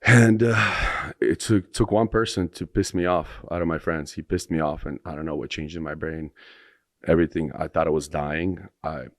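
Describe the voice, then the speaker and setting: A man's voice: a bass voice, fairly even intonation, normal speed, dry recording, clean studio sound. A man on a podcast telling a long personal story in a rambling way, full of restarts. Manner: rambling, breathless retelling with restarts. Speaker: podcast guest. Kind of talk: casual storytelling.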